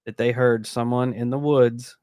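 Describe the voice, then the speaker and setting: A man's voice: mid-range voice, steady tone, moderate pace, darkish tone, clean tone, dry recording. Laid-back man chatting on a podcast. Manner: enthusiastic, casual slang, laughs often. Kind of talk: casual chat.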